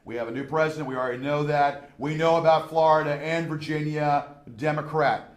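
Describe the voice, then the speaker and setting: A man hosting a live public-access show, loud and brash like a showman. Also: a little high, level tone, brisk. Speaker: host. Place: small studio. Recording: echoey room from far off.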